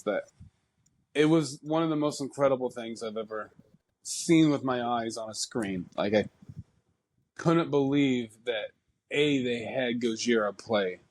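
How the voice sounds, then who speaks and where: A man co-hosting a podcast, rambling through a story with lots of "um" and "like". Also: medium pitch. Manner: rambling, many fillers, laughs often. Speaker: podcast co-host. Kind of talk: casual chat.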